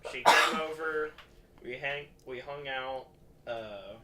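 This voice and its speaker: A young man telling a story on a podcast, halting and stuttering, often laughing. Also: mid-range voice, pushed and bright, far from the mic, slight background noise. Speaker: podcast guest. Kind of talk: casual storytelling.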